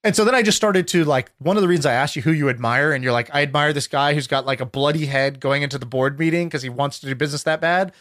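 A man's voice: fairly high pitch, quick pace, few pauses, a bit bright. A young man telling stories in casual conversation, rambling with lots of filler words and restarts.

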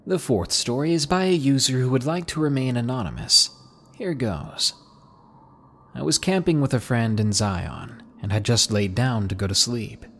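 A man with a slightly husky voice reading out submitted camping horror stories in a lively narration, dropping low and hushed at the tense moments. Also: moderate pace. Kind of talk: scripted horror story narration.

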